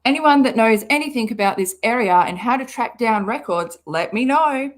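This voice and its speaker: A woman's voice: fairly high pitch, lively intonation, moderate pace. A woman doing casual live-stream commentary, sarcastic and rambling, who swears freely. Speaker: livestream commentator.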